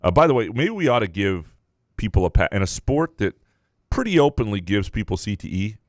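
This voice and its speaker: A man co-hosting a sports podcast as a columnist, talking in a measured, analytical way and weighing each point out loud. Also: lowish voice, sing-song, dry recording, clean studio sound. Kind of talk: casual sports chat.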